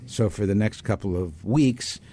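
A man's voice: on the low side, moderate pace, breathy edge, dry recording. An older man, a doctor and author, telling stories in an interview, acting out quoted voices and often restarting his sentences. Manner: animated storyteller who acts out quoted voices, frequent restarts. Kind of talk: storytelling interview.

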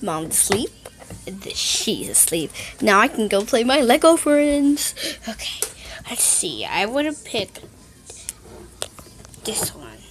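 A woman's voice: fairly high pitch, big pitch swings, slow pace, pauses often. A woman vlogger acting out casual, chatty doll scenes with frequent sighs. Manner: casual, sighing, chatty dialogue between toys.

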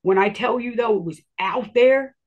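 The recording is lo-fi as a woman with a husky, slightly rough voice, fairly high in pitch, recounts a personal story at normal speed. Her telling is loose and rambling, full of filler words and acted-out dialogue.

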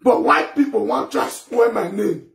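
A man with a Nigerian Pidgin accent ranting emphatically to camera, often breaking into shouts. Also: very high voice, a little slow, vocal fry. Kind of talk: impassioned rant to camera.

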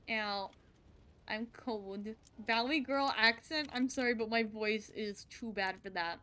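A woman streaming a video game, chatting casually and excitedly with her viewers as she plays. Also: fairly high pitch, slow pace. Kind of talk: casual live-stream chat.

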